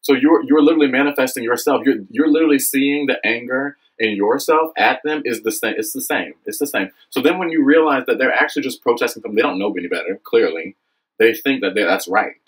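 A young man with a husky, slightly breathy voice speaks straight to the camera in an impassioned vlog. He is earnest and preachy, keeps checking in with the viewer, and his pitch leaps up when he gets worked up. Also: fast talker, poor audio. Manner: earnest, preachy, frequent "okay?" and "you know what I mean?"; animated, swings high when excited. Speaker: vlogger. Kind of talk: impassioned direct-to-camera monologue.

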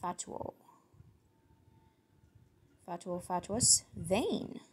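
A woman's voice: lowish voice, lively intonation, drawn-out words, a little hiss or hum. A woman reading out foreign words and their meanings, thinking aloud and sounding them out as she goes. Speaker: word channel host. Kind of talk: solo vocabulary reading.

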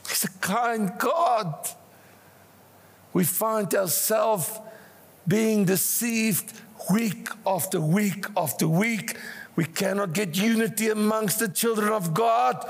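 Impassioned older South African preacher. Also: male voice, high voice, takes it slowly, gravelly. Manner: impassioned preaching with rising cries and hushed asides. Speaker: pastor. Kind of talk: sermon. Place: church hall. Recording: church hall reverb.

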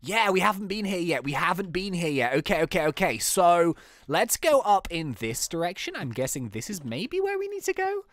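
A man hosting a game video, excitably playing and commenting, with frequent exclamations and laughs. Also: a little high, no room sound, clean studio sound.

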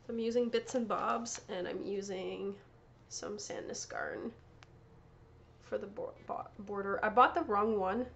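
A woman's voice: medium pitch, sing-song, measured pace, vocal fry, a bit bright, dull audio, a little hiss or hum. A woman hosting a knitting podcast, chatting casually and showing off her yarn and prizes, often correcting herself and laughing. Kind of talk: casual show-and-tell chat.

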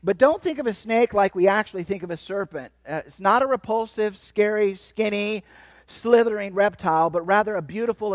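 A man giving a lively, playful sermon as a guest speaker, joking with the crowd and swinging between loud and soft. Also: high-pitched, no room sound. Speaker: guest speaker at a church kids' event. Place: church hall.

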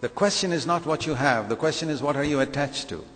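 A man's voice: on the high side, fast talker, a bit bright, big-room sound. A man preaching a sermon emphatically, full of rhetorical questions and acted-out quotes.

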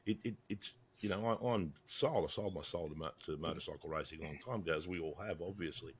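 Gruff deep-voiced Australian man in his sixties. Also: fast talker. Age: 60s. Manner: blunt, profane, laughs often. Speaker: podcast guest, motorcycle writer. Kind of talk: casual video-call chat. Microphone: video call.

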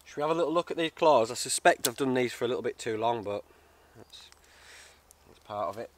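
A man's voice: mid-range voice, lively intonation, a little fast. Guy, casual outdoor vlog, heartfelt and chatty, woodland sounds behind. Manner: chatty and heartfelt, says mate. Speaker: bushcraft vlogger. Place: woods outdoors.

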